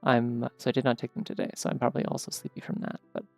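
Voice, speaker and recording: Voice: mid-range voice, completely flat delivery, fast talker, gravelly, darkish tone, no room sound, soft background music. A streamer casually chatting at the end of a late-night game stream, rambling and trailing off sleepily.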